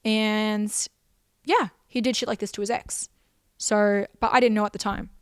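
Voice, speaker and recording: Hosting her podcast, a young woman rambles through a personal story, full of emotion and repeated phrases. Her mid-range voice is clean, with fairly even intonation and a moderate pace; the studio sound is clean and dry.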